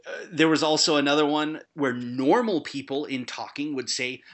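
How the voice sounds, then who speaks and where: A man in casual conversation about a film, animated and quick to laugh. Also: on the high side.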